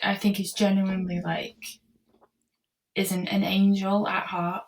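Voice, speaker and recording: A woman's voice: medium pitch, monotone, unhurried, slight background noise. Woman, podcast guest, earnest, reflective, somewhat far from the mic. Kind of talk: casual conversational interview.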